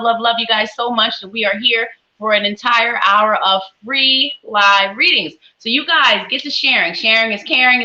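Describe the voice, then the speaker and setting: A woman's voice: fairly high pitch, bright, forceful tone, dull audio. A woman hosting a live psychic stream, giving tarot readings and greeting viewers in a sing-song, effusive way. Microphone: webcam with ring light.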